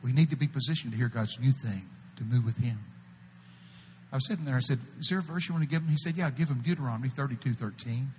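A man preaching a sermon, telling folksy stories and breaking out to shout quoted prophecies before dropping to a hush. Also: mid-range voice, quick pace, long reverb tail, a little hiss or hum. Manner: animated, folksy, shouts out quoted prophecies, swings between loud and hushed. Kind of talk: sermon with storytelling. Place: church.

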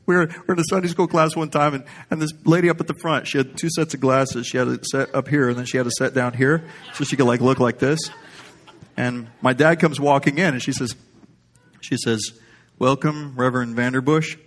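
A man's voice: medium pitch, fairly even intonation, brisk. A man preaching a sermon in a conversational, humorous style, wandering off into stories. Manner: conversational, humorous, rambling storyteller.

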